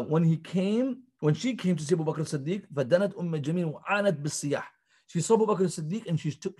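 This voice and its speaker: A man teaching a class at an Islamic center, retelling a story quickly and reading Arabic passages aloud before paraphrasing them. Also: a little high, darkish tone, slightly rough. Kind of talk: storytelling lesson.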